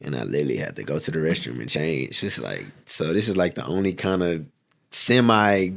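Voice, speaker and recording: Low, gravelly-voiced man from Houston. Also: brisk. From Houston, Texas. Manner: laid-back, rambling, peppered with slang. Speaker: rapper guest. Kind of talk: casual interview chat.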